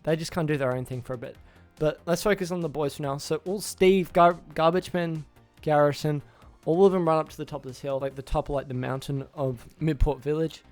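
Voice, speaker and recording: Young-sounding male reviewer, slightly high voice, loose rambling recap over faint music. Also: fairly even intonation, a little fast, few pauses, a little mellow. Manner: rambling, restarts names, acts out character lines. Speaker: YouTuber reviewing a film. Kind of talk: casual film plot recap.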